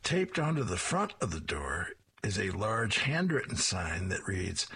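A man's voice: low voice, unhurried, creaky, breathy edge. A man hosting a show where he reads comic strips aloud, narrating the panels with animation. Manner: animated, chuckles after punchlines.

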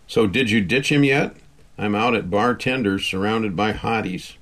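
A man's voice: on the low side, moderate pace, fairly bright tone, lightly acted. A man reading an audiobook, voicing a teasing female best friend calling from a bar.

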